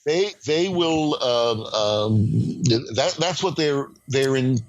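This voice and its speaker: An older man speaking as a guest on a podcast, mid-pitched and emphatic. He tells his stories with energy, restarting sentences and padding them with fillers as he thinks aloud. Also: slow pace, muffled recording. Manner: animated storyteller, emphatic, frequent fillers and restarts. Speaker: screenwriting professor guest. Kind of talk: podcast interview.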